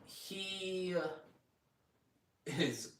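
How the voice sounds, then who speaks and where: A man co-hosting a casual review chat, acting out scenes with lively swearing and laughter. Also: high voice, extremely slow, far from the mic. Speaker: podcast co-host. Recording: roomy sound, a bit off-mic.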